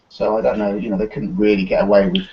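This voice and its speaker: A man with a low voice explains his view calmly in a casual group discussion. The recording has a dull, lo-fi quality. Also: background noise. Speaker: panelist.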